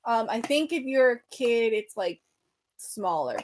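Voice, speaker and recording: A young woman with a high, light voice chats casually on a livestream, bubbly and easily distracted. She talks straight to her viewers and sounds a little out of breath. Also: sing-song, unhurried, a little mellow, slight background noise. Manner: bubbly, chatty, distracted, reads comments aloud. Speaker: livestream host.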